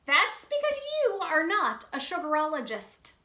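A woman's voice: high-pitched, huge pitch swings, normal speed, sharp tone, pitched above the performer's own voice, exaggerated voice. A woman voicing a gushing, admiring young chick. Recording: roomy echo.

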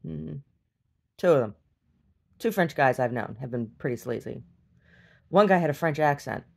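Low-voiced, weary, blunt middle-aged woman. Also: animated, moderate pace, gravelly. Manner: weary, blunt and profane, with wry laughs. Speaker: video diarist. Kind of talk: candid video diary monologue.

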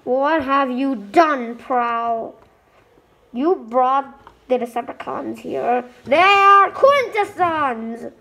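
A woman's voice: high-pitched, drawn-out words, creaky, sharp tone, a little hiss or hum, full character voice, poor audio. A woman voicing a proud male robot ship builder who feels betrayed, speaking in an indignant, accusing way in a homemade stop-motion toy movie.

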